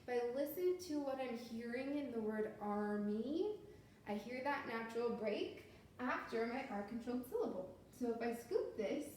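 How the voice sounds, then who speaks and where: A woman teacher talks through a phonics lesson slowly and patiently, one step at a time. Her voice sits a little high. The room rings with heavy echo under a faint hiss. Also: darkish tone. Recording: very echoey room with faint noise.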